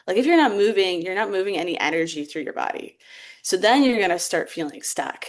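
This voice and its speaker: A woman's voice: mid-range voice, expressive, a little fast. A young adult woman guest on a podcast, talking reflectively in a casual way with many "like" fillers. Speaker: therapeutic theatre practitioner, podcast guest.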